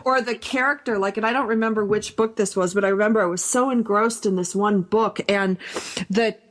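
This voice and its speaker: A woman hosting a radio talk show, chiming in with animated, opinionated asides. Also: mid-range voice, a little fast. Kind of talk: casual talk radio chat.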